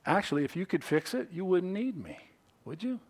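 A man speaking as a calm voice of God. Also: high-pitched, brisk, slightly rough, voice pushed up, full character voice. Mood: gentle. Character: calm patient male voice of God.

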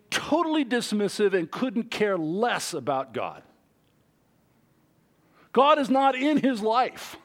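A man preaching a conversational sermon, shifting between loud, excited stretches and quiet, low asides. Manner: lively, conversational preaching with wide swings in pitch and loudness. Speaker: pastor.

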